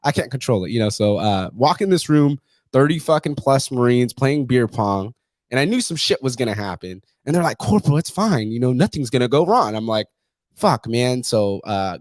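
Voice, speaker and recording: A man hosting a podcast swaps stories in a casual, blunt style, cursing constantly and imitating other voices. His mid-range voice is a little mellow, captured in a dry recording.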